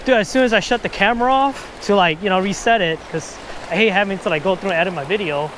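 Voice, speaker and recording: An excitable man fishing at a river, talking to his viewers and a little out of breath, recorded outdoors on an action camera. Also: sits high, fast, a little hiss or hum. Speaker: fishing vlogger. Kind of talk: casual fishing vlog.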